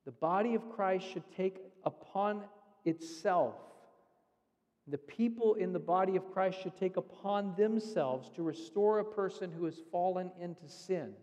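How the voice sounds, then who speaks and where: A male pastor preaching with a slightly raised pitch and an earnest teaching manner. He walks through scripture step by step. His voice rings with the long reverb of a church sanctuary. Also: a little slow, darkish tone. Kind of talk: sermon.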